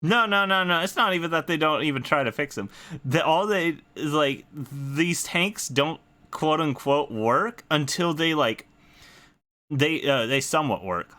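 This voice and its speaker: A young man with a bright, forceful voice rants on a casual podcast, swearing freely. He sounds exasperated and keeps breaking into laughs of disbelief. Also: fairly high pitch, expressive, unhurried. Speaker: podcast host. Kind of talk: casual anime review rant.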